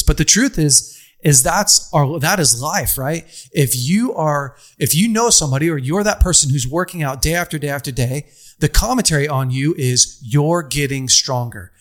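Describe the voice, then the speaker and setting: Man, fairly high voice, conversational sermon, stacks phrases into lists. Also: normal speed. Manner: conversational, repetitive lists, casual fillers. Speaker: speaker addressing an audience. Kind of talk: motivational sermon.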